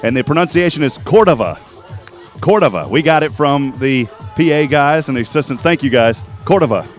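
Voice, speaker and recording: A man calling a college softball game play by play, chatty and quick with statistics, joking with his co-host. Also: fairly high pitch, faint music behind. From Texas. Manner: chatty, rattles off stats, jokes with co-host. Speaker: play-by-play announcer. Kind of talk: sports play-by-play commentary. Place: outdoor softball field.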